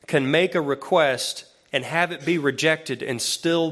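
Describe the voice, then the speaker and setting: A male associate pastor delivering a sermon in a relaxed, conversational way. His voice sits a little higher than most men's. He grows lively and more emphatic when he reads scripture aloud. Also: a little slow, hardly any pauses.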